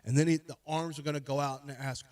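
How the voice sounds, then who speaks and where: A man co-hosting a casual sports radio show, talking fast and loose about basketball and acting out players with mock voices. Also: fairly high pitch, fairly even intonation, a little mellow, dry recording. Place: radio studio.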